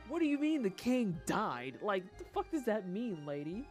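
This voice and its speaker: A woman's voice: on the high side, big pitch swings, faint music behind. A woman live-streaming a game, and her voice swings widely up and down as she reacts. She trash-talks her opponents playfully, swears at every setback and keeps up casual running commentary. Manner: loud, playful trash talk; quick reactions, frequent swearing.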